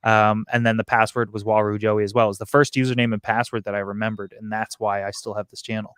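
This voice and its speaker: A man's voice: fairly low pitch, quick pace, clear, resonant tone, no room sound, clean studio sound. A man who runs an aquarium channel, talking casually on a live stream with many restarts and fillers. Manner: rambling, restarts sentences, animated. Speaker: aquarium YouTuber.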